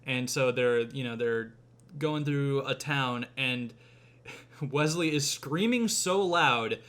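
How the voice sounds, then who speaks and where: Taking his time in a medium-pitched, slightly bright voice, a young podcast host rambles through a movie's plot. He leans on fillers and curses often and acts out the quotes.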